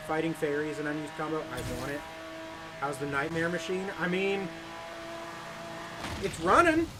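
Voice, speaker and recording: A man's voice: on the high side, fairly even intonation, a little fast, very noisy. A man chatting casually with viewers while streaming a racing game, rambling and joking. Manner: rambling, jokey, chats with viewers. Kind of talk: casual live-stream chat.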